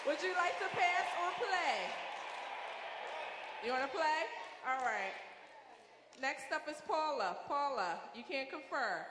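A woman's voice: high-pitched, expressive, takes it slowly, pauses often. A woman hosting a game show at a church event, chatty and playful, with apologetic asides to the contestants. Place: large church hall with a congregation. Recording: echoey hall with long reverb and crowd noise.

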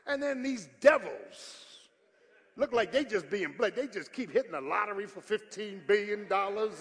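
High, bright-voiced preacher man. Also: expressive, moderate pace. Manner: call-and-response preaching that builds to shouting. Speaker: pastor. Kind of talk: sermon. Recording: church hall reverb with faint congregation.

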